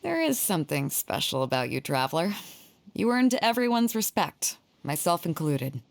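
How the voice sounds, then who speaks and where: An actress playing a bold, confident female pirate captain who speaks in a commanding, low, steady way in a video game. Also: normal speed, vocal fry, exaggerated voice.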